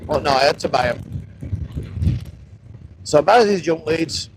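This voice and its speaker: A man's voice: a little high, expressive, unhurried. A man in his thirties with a Northern English accent, chatting and swearing as he tells rambling stories while riding a motorcycle. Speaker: motovlogger. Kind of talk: casual chat while riding. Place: outdoors on a moving motorcycle. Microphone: helmet-mounted action camera mic. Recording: wind and engine noise.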